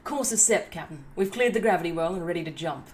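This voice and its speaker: A woman voicing a gravelly first mate of a starship in a read-aloud sci-fi story. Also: on the low side, expressive, fast talker, darkish tone, slight background noise, natural voice. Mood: businesslike.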